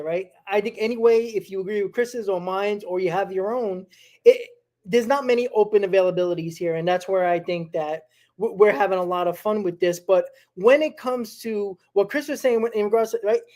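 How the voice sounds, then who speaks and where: A man's voice: sits high, a little mellow. Man talking casually with many restarts. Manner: halting, lots of restarts and fillers. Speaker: podcast co-host. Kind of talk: casual sports talk.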